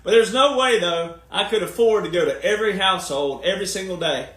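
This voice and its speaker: A man's voice: high-pitched, brisk, a bit bright, reverberant. A man talking in a long, casual monologue, folksy and emphatic, firing off rhetorical questions. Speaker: commentator and speaker.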